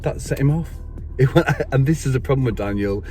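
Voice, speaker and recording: With soft background music, a middle-aged man speaks in a warm, medium-pitched voice. In a casual vlog he tells a rambling story, sounding exasperated and dropping in quick asides.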